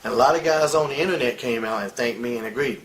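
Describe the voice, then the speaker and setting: A wrestler in his forties, interviewed candidly, tells stories bluntly and with real heat, swearing a lot. He speaks fast at a medium pitch. The recording is low quality, with a little hiss or hum.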